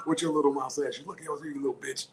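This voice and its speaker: A man's voice: a little high, steady tone, fairly quick, close to an everyday voice. A man doing a cocky, taunting male elephant. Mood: mocking. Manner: taunting, crude.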